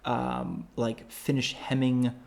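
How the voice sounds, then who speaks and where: A man's voice: mid-range voice, level tone, slow pace, vocal fry, a little mellow. A man co-hosting a podcast, chatting casually about travel, rambling with lots of fillers and restarts. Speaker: podcast co-host.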